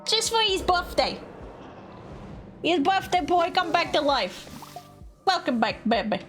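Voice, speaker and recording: A woman streaming a game, chatting casually and jumping into high squeaky tones when excited. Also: unhurried, pauses often. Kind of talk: casual gameplay commentary. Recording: music playing behind.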